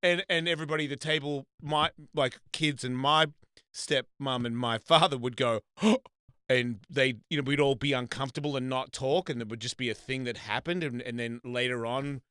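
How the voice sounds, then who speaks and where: A man hosts a casual live stream, telling crude, rambling stories in a bright voice and acting out the people in them. The sound is dry, with little room echo. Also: medium pitch, moderate pace, clean tone. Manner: crude, rambling storyteller with loud quoted voices. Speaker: host.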